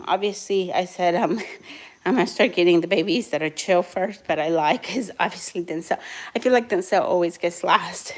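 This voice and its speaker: A young woman vlogging as a mother of quadruplets, chatting casually and switching to soothing baby talk. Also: fairly low pitch. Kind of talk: casual vlog chat.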